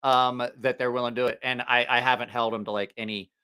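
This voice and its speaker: Bright-voiced man telling rowdy stories. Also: mid-range voice, flat delivery, quick pace, clean tone. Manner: profane rambling anecdotes with laughter. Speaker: livestream host. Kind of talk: casual storytelling livestream.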